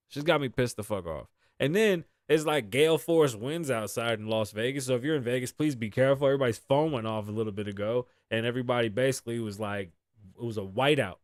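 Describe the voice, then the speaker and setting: A man's voice: medium pitch, no echo, clean studio sound. A man hosting his live show, talking casually and profanely, telling stories with sighs and laughs. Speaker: host. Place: Las Vegas.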